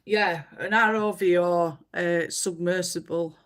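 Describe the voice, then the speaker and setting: A woman's voice: fairly low pitch, steady tone, slow pace. A woman, chatting casually on a livestream and telling stories with many fillers. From England. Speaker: livestream host. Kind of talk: casual chat while colouring.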